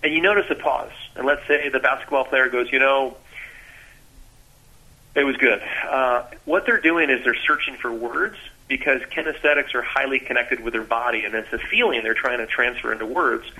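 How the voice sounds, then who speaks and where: A man's voice: mid-range voice, brisk, few pauses, low-quality recording. A man, a sales trainer, explaining with energy as a radio guest and acting out bits of sales talk. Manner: animated, acts out sales dialogues.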